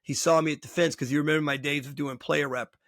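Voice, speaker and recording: Middle-aged guy, gravelly kinda high voice, coach telling stories and doing everybody's lines, dry close sound. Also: quick pace, no echo. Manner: animated storyteller acting out quoted dialogue. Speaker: podcast host and baseball coach. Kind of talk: storytelling in casual interview chat.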